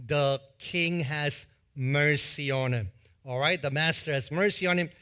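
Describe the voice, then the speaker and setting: A male pastor giving a sermon in a church, retelling a parable in an animated way and acting out its scenes with a volunteer. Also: on the high side, measured pace, clean tone. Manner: animated storytelling that acts out scenes.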